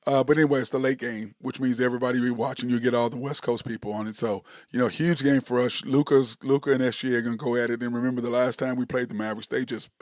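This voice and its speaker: A man's voice: mid-range voice, dry recording, clean studio sound. A man hosting a solo sports talk show, rambling and sarcastic, full of fillers and restarts.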